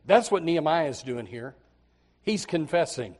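A man preaches a sermon in a high, lifted voice. He drops into quiet, low asides, then climbs into loud pleading. He often doubles his words as he starts a phrase. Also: animated, normal speed, a little hiss or hum. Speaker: Baptist preacher.

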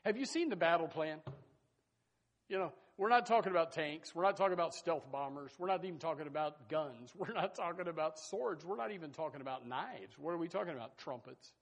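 A man preaching a sermon in a folksy, animated way, with sudden loud bursts and asides to the congregation. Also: a little high, fairly quick. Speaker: pastor.

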